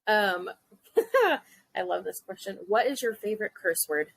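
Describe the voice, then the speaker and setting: A woman's voice: medium pitch, normal speed, creaky, dry recording, low-quality recording. A woman in her thirties hosting a casual podcast chat, bubbly and giggly, swearing playfully. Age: 30s. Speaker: podcast host.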